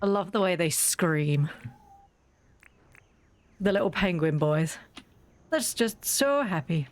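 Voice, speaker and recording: A woman's voice: on the low side, lively intonation, slow. A woman streaming a farming game while sick and sore-voiced, chatting casually and self-deprecatingly, laughing and greeting viewers by name. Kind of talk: casual live-stream chat while playing. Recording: faint background game music.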